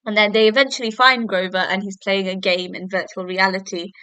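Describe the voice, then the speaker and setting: A woman's voice: mid-range voice, fairly even intonation, a little fast, sharp tone, clean tone, no echo. A young woman hosting a solo podcast at home, casually reviewing a TV episode in a chatty way, full of fillers and self-corrections. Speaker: podcast host.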